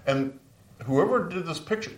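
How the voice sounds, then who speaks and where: A man's voice: animated, moderate pace. A man in his sixties preaching a sermon as pastor, telling stories and lifting his voice for emphasis. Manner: storytelling preacher, rises in pitch for emphasis. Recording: echoey room, voice from far off.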